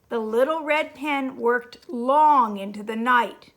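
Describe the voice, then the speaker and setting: A woman reading a children's picture book aloud as storyteller, expressive and playful. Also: on the high side, slow.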